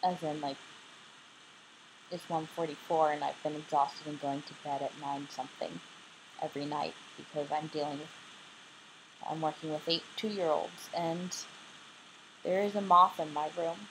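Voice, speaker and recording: A woman's voice: sits low, flat delivery, moderate pace, pauses often, background noise. Sleepy young woman reading an audiobook at home. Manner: sleepy, casual and apologetic between passages. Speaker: audiobook reader. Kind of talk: homemade audiobook reading with chatty asides. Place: bedroom at home, late at night. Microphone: laptop microphone.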